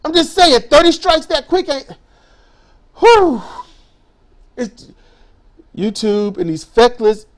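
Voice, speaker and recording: A woman's voice: high-pitched, very animated, slow, pauses often. A woman ranting angrily in a vlog. She swears a lot, hammers her points, and stumbles over repeated words when worked up. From United States. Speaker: YouTuber.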